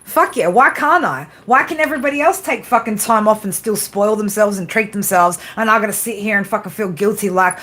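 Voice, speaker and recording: A woman's voice: medium pitch, lively intonation, a little fast, hardly any pauses, sharp tone. A woman hosting a casual livestream pep talk, blunt and swearing constantly, with frequent tag questions. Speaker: tarot reader and livestream host.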